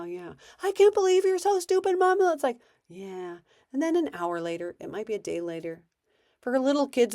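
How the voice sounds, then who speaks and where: A woman's voice: fairly low pitch, darkish tone. A woman coaching parents in a conversational way, now and then acting out what a parent or child might say. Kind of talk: advice talk to parents.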